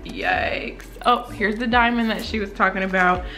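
A young woman with an excited casual unboxing vlog, gasping and exclaiming as she opens packages. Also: brisk. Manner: gasping, exclaiming, swooping up high when thrilled. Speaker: beauty vlogger unboxing small-business packages.

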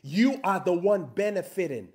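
Male preacher, slightly high voice; measured scripture reading that climbs into shouting. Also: expressive. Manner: reads scripture slowly, then rises to loud shouted emphasis. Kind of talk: sermon.

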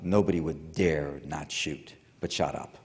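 An older man with a very low voice tells a long story to a lecture audience, wandering off on tangents and restarting his sentences. His voice rings with the long reverb of a big hall. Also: fairly even intonation, unhurried. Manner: rambling, digressive, many fillers and restarts.

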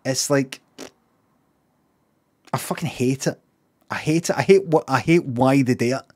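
A Scottish man livestreaming, talking in a casual, sweary, animated rant. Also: medium pitch, unhurried.

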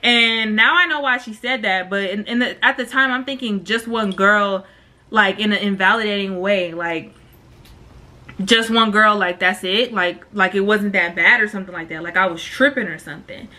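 A storytime vlogger with a medium-pitched voice talks at a moderate pace. Her slangy, lively chat includes acted-out voices for the people in her story.

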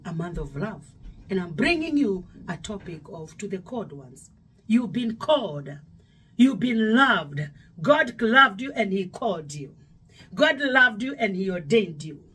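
A woman's voice: medium pitch, husky. A middle-aged woman from Kenya with a Kenyan accent, preaching a devotional sermon emphatically, repeating her phrases. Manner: emphatic, repeating phrases, sudden louder exclamations. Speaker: pastor.

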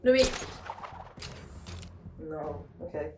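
A woman playing a VR game who chats to herself in an excitable way, with many exclamations, recorded from a distance in an echoey room. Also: low voice, drawn-out words. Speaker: gamer streamer.

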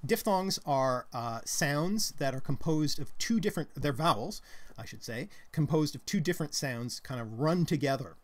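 A man's voice: fairly high pitch, animated, moderate pace. A Canadian man co-hosting a live stream, explaining linguistics in a casual, hesitant way with many ums and restarts. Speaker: co-host.

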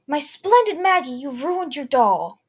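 A woman voicing a sinister male monster toy maker who speaks slowly and possessively in a creepy story reading. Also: high voice, very animated, voice pushed up.

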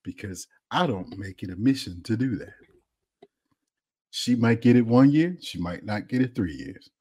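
A man co-hosting a casual podcast, telling blunt, laughing stories in relaxed slang. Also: fairly low pitch, moderate pace, slightly rough. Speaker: podcast co-host.

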